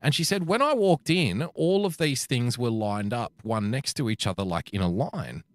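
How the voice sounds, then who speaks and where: Animated Australian man telling a story. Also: medium pitch, moderate pace, dry recording, clean studio sound. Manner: profane, animated anecdote-telling with acted quotes. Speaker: podcast co-host. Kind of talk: casual storytelling chat. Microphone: podcast microphone.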